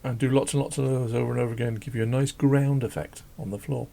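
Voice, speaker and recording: Croaky, rambling man chatting while drawing. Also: medium pitch, fairly even intonation, fast, dark tone. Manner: rambling, chatty, self-deprecating, laughs often. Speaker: drawing channel host. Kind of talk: casual chat while drawing. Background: faint classical music.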